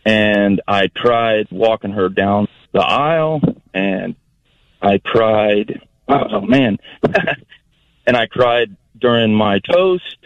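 Man, middle-aged, radio caller, slow pace, muffled phone audio, dry. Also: on the low side, lively intonation, dry recording. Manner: slow, warm-hearted, rambling. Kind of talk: casual call-in chat. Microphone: phone line.

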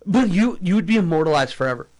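Young man, radio co-host, high bright voice, joking casual banter. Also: expressive. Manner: joking, playful, quick. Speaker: radio sports show co-host.

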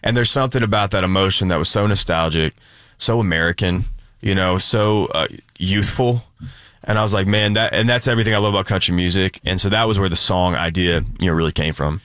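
A man's voice: low voice, brisk, fairly bright tone, no room sound, clean studio sound. A young man from Nashville, a country singer guest, chatting casually with many fillers in a radio interview. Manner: easygoing, rambling with many fillers.

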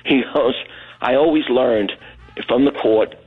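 A man's voice: mid-range voice, a little slow, slightly rough. A middle-aged man from Brooklyn, calling in to a radio show and telling a long, rambling story, acting out the lines of the people in it. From Brooklyn, New York. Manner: rambling, anecdotal, acts out other people's lines. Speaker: caller. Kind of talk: phone-in storytelling. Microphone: telephone. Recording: tinny phone line.

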